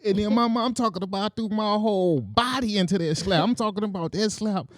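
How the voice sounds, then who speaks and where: A man spins a childhood tale in loose, casual storytelling, acting out every quote and slap with sound effects. His voice sits high for a man, and the recording is close and dry with no room sound. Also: fast talker, no room sound. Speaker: podcast co-host telling a story.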